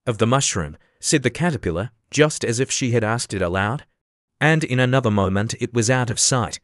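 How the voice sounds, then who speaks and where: A man narrating a classic children's storybook as an audiobook, in a measured, gently expressive reading. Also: mid-range voice, no room sound, studio quality.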